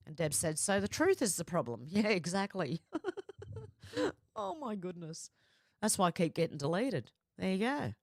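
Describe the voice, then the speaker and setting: A woman's voice: on the low side, very animated, normal speed, no echo, clean studio sound. An Australian woman hosting a livestream in a casual, chatty way, reading viewer comments aloud and reacting to them. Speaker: livestream host reading chat. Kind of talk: casual chat.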